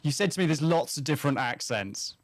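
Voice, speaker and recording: A man from southern England interviewing a friend, asking friendly, measured questions in a casual chat. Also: a little high, animated, no echo.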